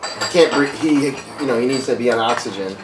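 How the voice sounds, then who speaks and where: A man's voice: mid-range voice, fairly quick, distant mic, heavy background noise. A man telling a long, profane story in casual chat, acting out the people he quotes. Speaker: podcast guest. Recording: roomy, off-mic with loud music behind.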